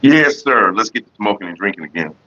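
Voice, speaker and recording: A man hosts a casual livestream, rambling through stories and calling out to viewers in the chat. His voice is bright and a little husky. The stream audio sounds dull and lo-fi. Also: fairly low pitch, expressive, fairly quick. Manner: loose storytelling, greets chat viewers. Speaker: livestream host.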